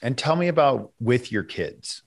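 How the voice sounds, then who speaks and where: A man's voice: medium pitch, big pitch swings, unhurried, no echo, clean studio sound. A man hosting a podcast, mostly giving short agreeing replies and asking the next question. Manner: brief affirming backchannels. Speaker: podcast host. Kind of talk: conversational interview.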